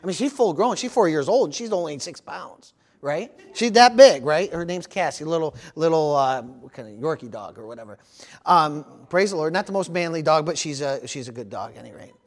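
A man pastor preaching a sermon, telling animated stories and calling out "amen" and "praise the Lord". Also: fairly high pitch, brisk. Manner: animated storytelling with amens and praise interjections.

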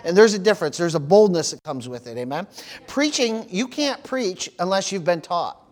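A man's voice: sits high, expressive, moderate pace. Pastor peppering his sermon with amens. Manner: peppers talk with amen and hallelujah, repeats words. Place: church service.

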